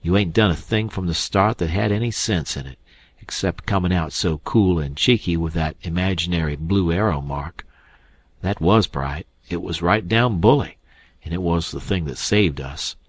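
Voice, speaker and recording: A man voicing a middle-aged male con man who scolds his partner loudly and sarcastically. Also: deep voice, normal speed, husky, dry recording. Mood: scolding.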